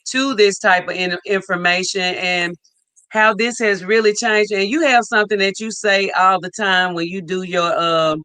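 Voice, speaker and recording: A woman's voice: medium pitch, fairly even intonation, moderate pace, bright, forceful tone, no room sound. A woman co-hosting a casual livestream, enthusiastically reading out viewer comments. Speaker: livestream co-host.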